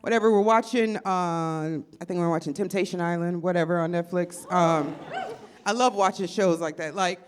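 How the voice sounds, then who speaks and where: A woman doing a stand-up comedy set, loud and animated, acting out quotes in shifting voices. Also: fairly low pitch, normal speed. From Chicago area.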